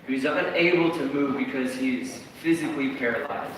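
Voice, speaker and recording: Give me a man in his thirties preaching a lively, conversational sermon in a big reverberant hall with faint background noise. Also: medium pitch, moderate pace. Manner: lively, dramatic storytelling, conversational. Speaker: pastor. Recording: echoey hall from far off.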